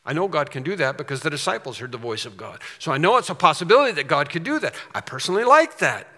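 A man's voice: fairly high pitch, big pitch swings, fast talker, sharp tone, in a large hall. A man preaching a sermon as a pastor, earnest and emphatic, with storytelling asides.

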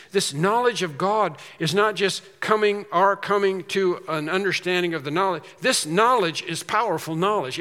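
A man with a high, bright, forceful voice preaches an expository sermon. He poses questions and answers them himself with emphasis, and his words ring out in a hall with a long reverb. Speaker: pastor.

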